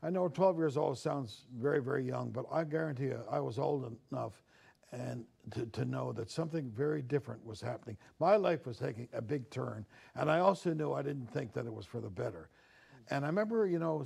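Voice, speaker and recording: In a sit-down interview, a Newfoundland-born older man who works as a newspaper columnist tells thoughtful stories from his youth, voicing the people he quotes. His voice is mid-range, creaky, darkish and slightly rough.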